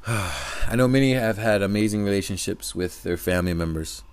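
A man sharing a personal story in a reflective, soft-spoken, unhurried way. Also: on the low side, clean tone. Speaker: podcaster.

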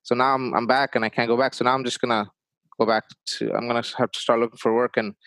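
A man's voice: mid-range voice, little pitch movement, fast, fairly bright tone, no room sound, poor audio. Chatty man interviewer, dry sound. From Bangladesh. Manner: chatty, rambling, frequent restarts. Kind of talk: casual conversational interview.

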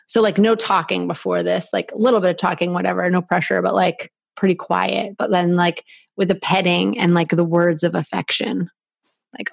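Soft-spoken woman, dry close sound. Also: on the low side, gravelly, no echo. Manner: slow, halting, soft, with many filler likes. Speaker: podcast guest. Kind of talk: intimate conversational interview.

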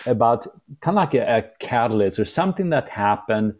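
A man's voice: mid-range voice, animated, a little fast, darkish tone. A man hosting a podcast interview, speaking in an earnest, encouraging way. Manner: earnest, encouraging, uses metaphors. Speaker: podcast host. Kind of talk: interview conversation.

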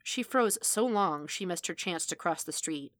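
A woman narrating fan fiction as an audiobook, steady and measured in her storytelling. Her voice sits low, recorded close and dry. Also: no room sound. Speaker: podfic reader.

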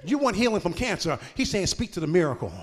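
A man's voice: sits high, sing-song, quick pace, big-room sound. A man preaching a sermon in a folksy, playful way, joking with the congregation and laughing between phrases.

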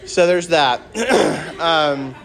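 A man in his thirties, a campus minister preaching a conversational sermon to students with animated storytelling and light humor. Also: fairly high pitch, drawn-out words.

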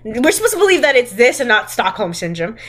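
A woman's voice: on the high side, sing-song, fast talker, a loud crowd. A young woman co-hosting a casual podcast, sarcastically recapping a movie's plot, laughing often and acting out the characters' lines. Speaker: podcast co-host.

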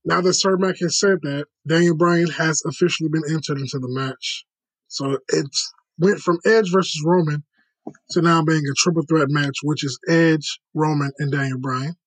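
A man hosting a casual podcast, moving the conversation along and recapping what happened. His voice is a bit higher than most men's and sounds dry and close, with no room echo. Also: fairly even intonation, moderate pace.

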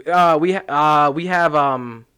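Young philly dude telling a story, cursing a lot, gets really worked up. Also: male voice, fairly high pitch, measured pace, smooth. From Philadelphia area. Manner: animated storytelling, swears a lot. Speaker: podcast co-host. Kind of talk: casual chat.

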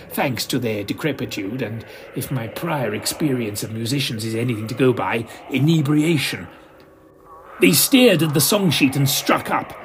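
A man's voice: mid-range voice, noisy background. A man narrating a comic mystery in a theatrical, camp manner. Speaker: storyteller.

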